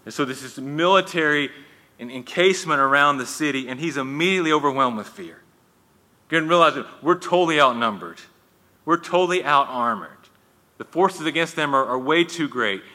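Male pastor, sharp and bright tone, casual sermon delivery with restarts, long hall reverb. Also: fairly high pitch, lively intonation, brisk. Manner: conversational, with frequent restarts and folksy asides.

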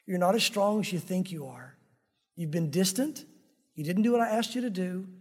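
A man preaching, voicing a gentle, grave male Lord who warns a straying follower in a soft, low, earnest tone. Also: expressive, moderate pace, slightly rough. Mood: tender warning. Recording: long hall reverb.

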